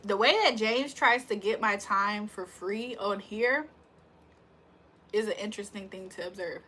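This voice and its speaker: A woman's voice: medium pitch, a little slow, bright, forceful tone, a little hiss or hum. A woman livestreamer in casual chat, teasing and laughing as she answers viewer comments. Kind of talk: casual live-stream chat.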